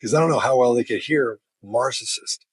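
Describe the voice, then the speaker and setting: Brief: man, relaxed chatty storyteller, husky low voice, dry recording. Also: fairly quick, dry recording. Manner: chatty, laughs while telling stories. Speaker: body language expert. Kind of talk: casual storytelling.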